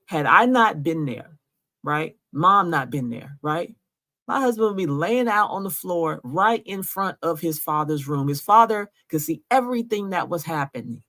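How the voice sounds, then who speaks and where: A woman's voice: on the low side, expressive, normal speed, a bit bright. A woman giving emotional commentary over a recording, earnest and often asking "right?". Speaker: vlogger narrating a recording.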